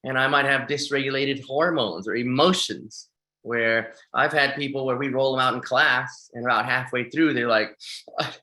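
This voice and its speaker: A man's voice: mid-range voice, normal speed. A man teaching in a webinar as a fitness instructor, talking with energy and often checking in with his listeners. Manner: energetic, keeps checking in with "right?" and "okay?". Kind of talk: webinar lecture. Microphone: webinar microphone.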